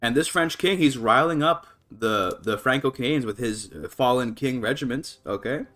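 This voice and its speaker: A man's voice: medium pitch, normal speed, soft background music. A man casually commentating a strategy game on a live stream, thinking aloud with many fillers and restarts, breaking into laughs. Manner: laughs often, voice jumps up when excited.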